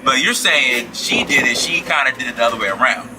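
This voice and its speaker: A man's voice: medium pitch, animated, brisk, over music, poor audio. A man interviewing someone outdoors, casual and encouraging, prompting with short replies. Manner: encouraging, frequent backchannels. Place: outdoors, urban street with traffic. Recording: outdoor street noise.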